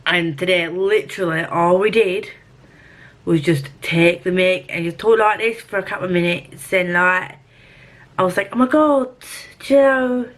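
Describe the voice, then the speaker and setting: A young woman vlogging in a casual, rambling, animated way, poking fun at herself. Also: lowish voice, normal speed. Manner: chatty, rambling, animated, self-mocking. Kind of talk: casual rambling vlog chat.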